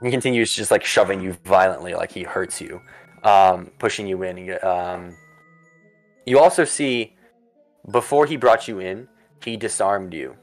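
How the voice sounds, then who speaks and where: Soft music sits behind a low-voiced man who narrates as game master for a tabletop campaign. His narration rambles, full of fillers and quick asides in character.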